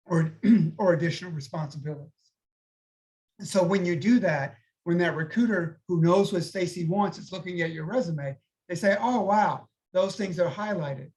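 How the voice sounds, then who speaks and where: A man's voice: a little high, darkish tone, rough recording. A man working as a recruiter, giving conversational career advice on a panel and checking in with his listeners as he goes. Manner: conversational, advising with frequent "okay?" check-ins.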